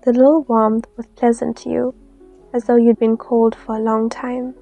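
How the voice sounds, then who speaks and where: A woman reads a fanfiction story aloud in a soft, steady manner. Her voice is mellow and gravelly, sitting a bit high but barely moving in pitch, with faint lofi music behind. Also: moderate pace. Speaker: narrator. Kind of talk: fanfiction reading.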